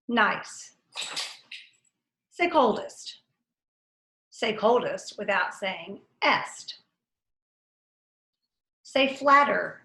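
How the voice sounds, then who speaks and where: A woman teacher leading a phonics lesson for young children, saying each word slowly and clearly for the class to repeat. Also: mid-range voice, pushed and bright. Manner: slow, clearly enunciated word drills. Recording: roomy echo.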